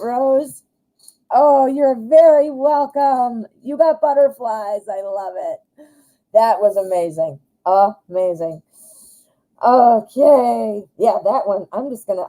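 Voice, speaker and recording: A woman reads tarot cards live for her viewers, chatty and quick to gush and giggle. Her voice sits at a middle pitch with a soft, mellow tone. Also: poor audio. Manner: excitable and giggly, often gushing. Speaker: tarot reader and live-stream host.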